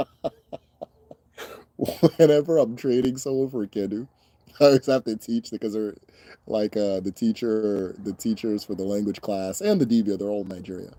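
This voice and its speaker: Young man, casual Q&A host, profane and loose, laughs a lot, mellow warm tone, dry close sound. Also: lowish voice, dry recording. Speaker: host answering viewer questions. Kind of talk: casual Q&A chat.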